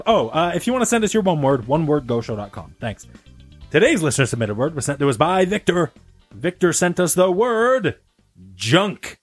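A man hosting a casual comedy podcast, loud and goofy, laughing often between lines. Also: a little high, big pitch swings, moderate pace, soft background music. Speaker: podcast host.

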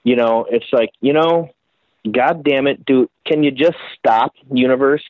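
A bike builder from Minnesota telling animated, profane stories in a casual interview. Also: male voice, medium pitch, unhurried, no echo. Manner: animated, profane, rambling storyteller. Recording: tinny phone-like line.

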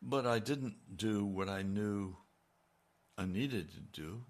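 An older man preaching a sermon, his low voice gravelly with fry. He talks slowly and earnestly, pressing hard on the key phrases.

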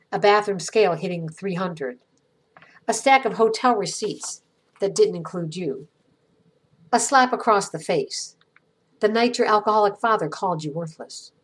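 A middle-aged woman from the United States hosting an inspirational podcast, reading a gentle, earnest script with reflective pauses. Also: medium pitch, slightly rough. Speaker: podcast host.

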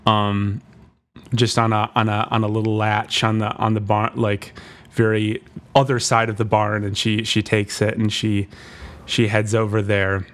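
A man co-hosting a comedy podcast, retelling a made-up plot in a rambling, deadpan way with constant restarts. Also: lowish voice, measured pace. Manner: rambling, full of fillers and restarts, deadpan storytelling. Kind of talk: comedic improvised story retelling.

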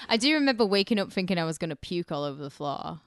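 A woman's voice: fairly low pitch, sing-song, fast, clear, resonant tone, dry recording, studio quality. A woman co-hosting a podcast in casual chat, chatty and laughing often. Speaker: podcast co-host.

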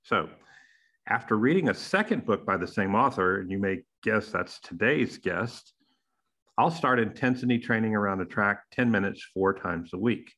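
A middle-aged man hosting a podcast, reading a playful, emphatic intro with big jumps in pitch on key phrases. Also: lively intonation, moderate pace, a bit bright. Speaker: podcast host.

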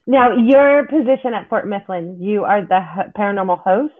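A woman's voice: medium pitch, normal speed. A woman interviewing a guest, chatty and eager, tripping over her own words. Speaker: podcast host. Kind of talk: casual interview chat. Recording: tinny phone-like line.

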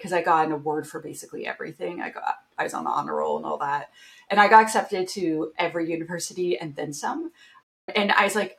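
A middle-aged woman from Canada, a company founder who is a guest on an interview podcast, telling her career story in a lively, expressive way with frequent laughs. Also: lowish voice, fast talker. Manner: upbeat, chatty, expressive, laughs often.

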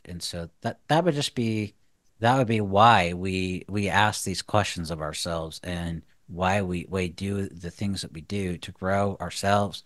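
A man's voice: low voice, a bit bright, dry recording. A man co-hosting a faith podcast, talking earnestly about marriage in a casual, preachy way, full of "you know" and restarts. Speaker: podcast co-host.

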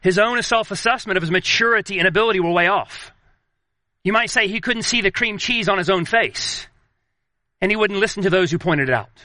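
A man preaches with a high, strikingly bright and sharp voice. He speaks earnestly, slowing and sinking his tone to press a point home. The recording is close and dry, with no room sound. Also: dry recording. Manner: earnest, slows and drops low for emphasis. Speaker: pastor. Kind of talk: sermon.

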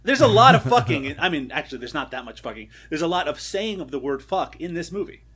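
A man's voice: fairly high pitch, sing-song, fast, fairly bright tone, breathy edge. A man co-hosting a podcast, recapping a movie in a playful, teasing way and laughing often. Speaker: podcast co-host. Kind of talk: casual chat about a movie.

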